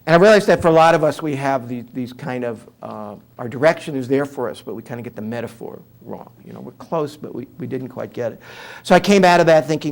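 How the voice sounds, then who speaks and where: A man's voice: mid-range voice, fairly quick. A man in his seventies with a New York accent, telling humorous stories as an interview guest. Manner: humorous storyteller, conversational with fillers. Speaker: author and guest speaker. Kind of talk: interview talk, anecdotal.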